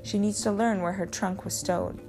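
A man's voice: high-pitched, fairly even intonation, moderate pace, over music, natural voice. A woman voicing a commanding sea captain who speaks formally and politely. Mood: courteous.

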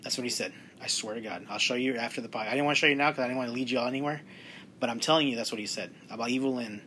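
Animated man hosting a podcast. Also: mid-range voice, racing, a little hiss or hum. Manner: animated, acts out quotes with emphasis. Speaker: podcast host. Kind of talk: casual podcast discussion.

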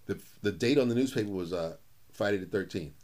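A middle-aged man telling funny stories in a casual chat, acting out quoted lines in a higher voice and laughing often. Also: brisk, a little hiss or hum. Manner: animated, acts out quotes with raised pitch, laughs often.

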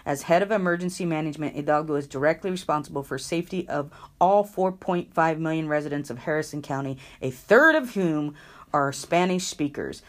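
A woman co-hosting a casual chat show, animated and quick to laugh. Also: low-pitched. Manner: animated, laughs often, acts out voices in quotes. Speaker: podcast co-host.

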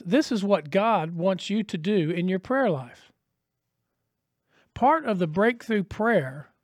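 A man's voice: high-pitched, no echo, studio quality. A man preaching a sermon as a pastor, earnest and conversational, posing rhetorical questions to his listeners.

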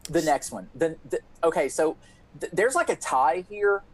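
A man's voice: on the high side, moderate pace, low-quality recording. A man telling a wild story on a casual podcast, swearing freely and acting out everyone's lines. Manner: animated, profane, acts out quotes. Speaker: podcast co-host.

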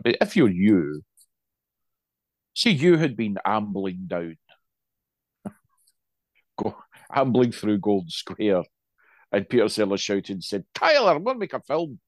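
Guy w a lowish voice, chatty and rambly, super dry close sound. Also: big pitch swings, measured pace, long pauses, no echo. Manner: rambling, many restarts and asides. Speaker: podcast co-host. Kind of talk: casual chat.

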